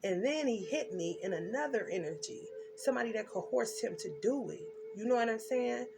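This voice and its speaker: Gravelly-voiced woman giving a tarot reading. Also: fairly high pitch, normal speed, noisy background. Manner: intense, emphatic storytelling with blunt slang. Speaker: tarot reader.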